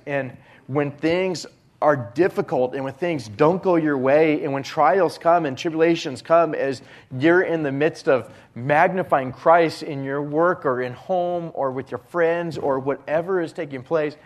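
A man preaching a sermon as a pastor, earnest, often dropping his voice to a hushed whisper on key phrases. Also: on the high side.

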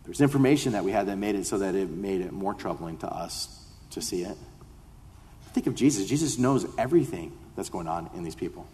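A man's voice: deep voice, expressive, a little fast, a little mellow. A male pastor reading scripture aloud and explaining it in a conversational sermon, building to impassioned appeals. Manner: reads scripture then explains it conversationally, rising to impassioned pleas. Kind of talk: expository sermon. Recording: long hall reverb.

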